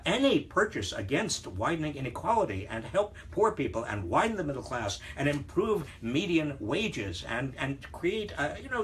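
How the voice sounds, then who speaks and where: An older man hosting a live Q&A show, talking in a halting, conversational way with many fillers and some wry, teasing humor. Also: on the high side, a bit bright, a little hiss or hum. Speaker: host answering viewer questions.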